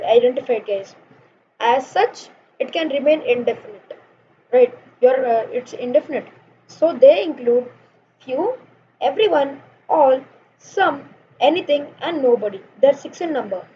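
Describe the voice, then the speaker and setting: A young woman teaching an online grammar lesson, explaining step by step with examples and often calling her viewers "guys". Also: sits high. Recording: dull lo-fi sound with faint noise.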